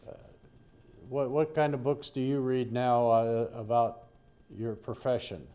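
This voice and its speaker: A man's voice: mid-range voice, little pitch movement, a little slow, mellow, smooth. An older man preaching a Bible-study sermon in a folksy, rambling way, with asides to his listeners.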